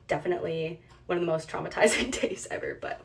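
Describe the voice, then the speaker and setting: A woman's voice: lowish voice, sing-song, fast talker, gravelly, distant mic, a little hiss or hum. A young woman casually telling a funny college story, chatty and full of "like", laughing at herself as she goes. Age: young adult.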